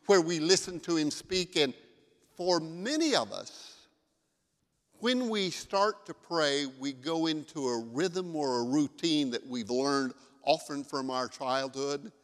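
A man's voice: fairly high pitch, animated, slow, fairly bright tone, long reverb tail. A male pastor giving a sermon in a conversational, storytelling way.

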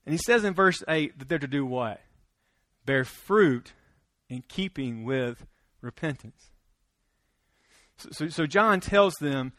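A man's voice: fairly high pitch, lively intonation, a little slow, pauses often, a bit bright, dry recording. A man preaching a sermon in a conversational way, with restarts and questions to the congregation. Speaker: pastor.

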